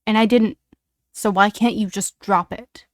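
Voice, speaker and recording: A woman's voice: mid-range voice, steady tone, unhurried, no echo, clean studio sound, close to an everyday voice. A woman voicing a young male hockey player who pleads and then snaps back in anger. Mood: angry.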